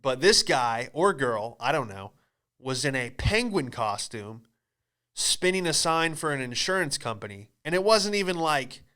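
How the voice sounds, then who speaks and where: A man hosting a comedy podcast, telling a story in an animated, profane, exclamatory way. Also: medium pitch, measured pace, smooth.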